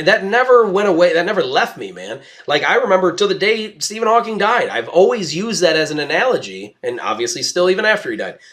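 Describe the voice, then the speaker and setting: A man's voice: a little high, a bit bright. A young adult man hosting a podcast, talking through a casual monologue in a rambling, emphatic way with frequent restarts. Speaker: podcast host. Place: at home with his dog.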